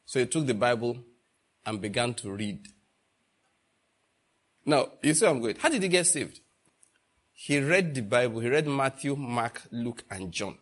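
A man's voice: medium pitch, husky. A man preaching a sermon, asking the congregation rhetorical questions and repeating phrases for emphasis.

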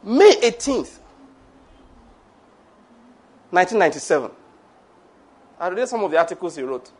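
A man's voice: high voice, very animated, a little fast, darkish tone, slightly rough. A middle-aged man preaching a sermon in a church, emphatic and full of rhetorical questions. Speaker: pastor.

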